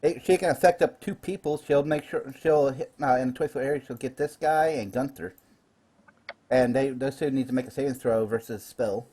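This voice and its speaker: A man's voice: mid-range voice, brisk, mellow, husky. A man running a live online tabletop game as dungeon master, chatty and explaining rules with fillers.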